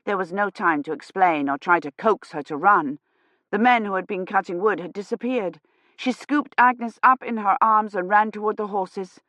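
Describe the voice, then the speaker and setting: A woman narrating an audiobook in a hushed, suspenseful way, at a middling pitch. Her reading is scripted and measured. The sound is dry and close, with no room echo.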